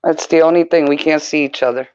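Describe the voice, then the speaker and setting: A woman's voice: deep voice, fairly even intonation, fast, a little mellow. Chatty woman on a lo-fi video call. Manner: chatty, laughing, fumbling with settings. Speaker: stream host. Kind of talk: casual chat on a group video call. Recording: dull lo-fi call audio.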